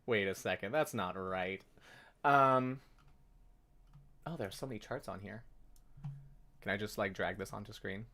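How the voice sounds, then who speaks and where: A man's voice: on the low side, measured pace, long pauses, bright, forceful tone. Rambling young man chatting on a music stream. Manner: rambling, self-correcting, breaks into sung notes. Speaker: livestream host. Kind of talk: casual livestream chat about songwriting.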